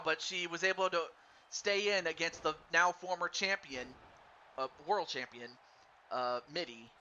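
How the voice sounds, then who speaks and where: A man doing live play-by-play commentary on a wrestling game for a stream, excitable and stumbling over his words while chatting with viewers. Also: a little high, a little slow. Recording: dull lo-fi stream mic with faint noise.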